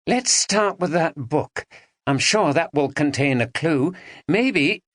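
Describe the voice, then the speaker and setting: A man voicing an excitable young woman at a goth festival in an audiobook, high-strung and breathless. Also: slow, no echo. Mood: eager.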